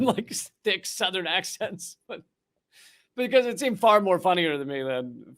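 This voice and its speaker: A sardonic male host alternates between reading a document aloud and cracking wry asides. His voice sits high for a man and rings bright and forceful. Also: sing-song, a little slow. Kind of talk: political comedy commentary.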